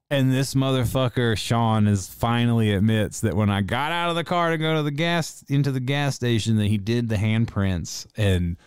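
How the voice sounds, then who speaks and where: A man casually telling a ghost story from his youth, swearing freely and getting animated as he goes. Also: medium pitch, clean tone, no echo, studio quality.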